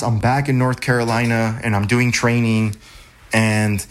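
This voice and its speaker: A man in his thirties, an army veteran, telling his own story in a candid, conversational way. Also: mid-range voice. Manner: candid, conversational, reenacts shouted moments. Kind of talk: personal storytelling.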